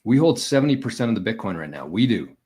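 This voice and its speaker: A low-voiced man from Canada talks straight into his daily vlog. He reads out viewer comments and answers them bluntly, with plenty of swearing and a combative edge. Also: sing-song, quick pace, warm tone, breathy edge. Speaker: bitcoin vlogger.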